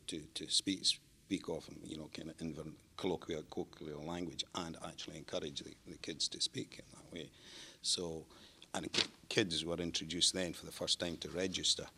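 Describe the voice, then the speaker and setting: A man's voice: a bass voice, bright, forceful tone, breathy edge. An older man, a teacher on a discussion panel, repeating words as he builds his point.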